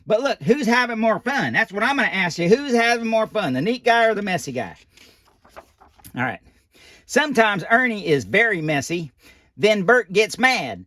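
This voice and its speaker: A man's voice: high voice, big pitch swings, moderate pace, sharp tone, dry recording, heavily acted. A man voicing a folksy old animatronic doll who reads a children's picture book aloud with rambling asides and loose grammar. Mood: chatty.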